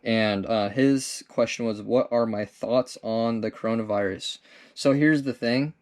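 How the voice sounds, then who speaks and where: A man's voice: mid-range voice, a little slow, darkish tone. A young man hosting a comedic vlog, answering viewer questions in a rambling, laid-back way and tossing in "dude" and casual swearing.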